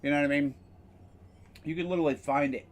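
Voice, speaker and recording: A man's voice: a little high, steady tone, quick pace. A man casually streaming a game, rambling with frequent fillers and the odd curse. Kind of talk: casual gameplay commentary.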